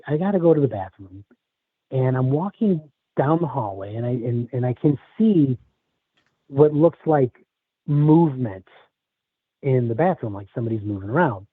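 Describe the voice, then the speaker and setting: A man from the Chicago area telling a personal story in a halting, casual way, with many restarts. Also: medium pitch, breathy edge, no echo. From Chicago area, USA. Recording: tinny phone line, dry.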